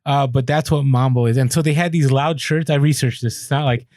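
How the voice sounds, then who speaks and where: A man co-hosting a casual podcast, chatty and quick with asides, often restarting his sentences. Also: medium pitch, steady tone, a little mellow, dry recording, studio quality. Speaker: podcast co-host.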